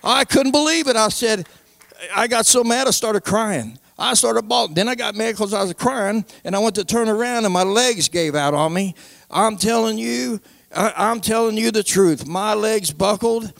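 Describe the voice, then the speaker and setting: A man's voice: high voice, normal speed, vocal fry, fairly bright tone, no room sound. A man giving an emphatic personal testimony in church, talking in a folksy way with nonstandard grammar and repeating "I'm telling you.".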